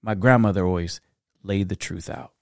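A middle-aged man hosting a reflective solo podcast, talking earnestly in a storytelling way that turns soft-spoken at times. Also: low voice, normal speed, no room sound, studio quality. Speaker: podcast host.

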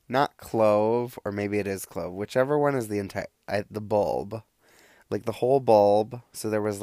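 A man's voice: fairly low pitch, a little mellow, no room sound. A man with a nasal voice giving a rambling casual life update, full of fillers and restarts. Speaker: vlogger.

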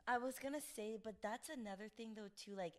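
A young woman with a raspy voice, co-hosting a casual podcast chat in an animated, self-mocking way and laughing easily. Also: fairly high pitch, brisk. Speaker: podcast co-host.

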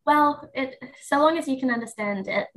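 A woman from England with a bright, slightly high voice, chatting as a podcast guest. She speaks with an English accent and an easy, self-deprecating humor. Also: moderate pace. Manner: self-deprecating, laughs easily. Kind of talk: casual podcast interview.

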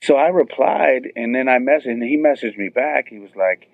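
Excited storyteller man on a phone line. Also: moderate pace, gravelly, dry recording. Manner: excited, acts out quotes with high squeals. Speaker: guest telling a story. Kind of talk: animated storytelling. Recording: tinny phone-line sound.

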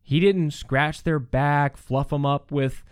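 His voice is a little high and smooth, and he takes things slowly in a studio-quality recording without echo. Hosting a podcast, he earnestly and animatedly teaches scripture, frequently restarting his sentences and tossing in "right?" asides.

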